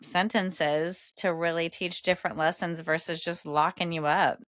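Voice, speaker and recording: A woman's voice: fairly even intonation, moderate pace, a bit bright, dry recording. A woman co-hosting a podcast in casual chat, playful and acting out little quotes. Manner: playful, acts out quotes in a higher voice. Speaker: podcast co-host.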